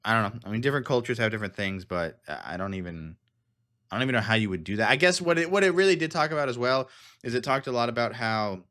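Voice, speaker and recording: A man's voice: medium pitch, lively intonation, fast talker, pushed and bright. A man hosting a casual commentary podcast, rambling and digressive with frequent laughs. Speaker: podcast host.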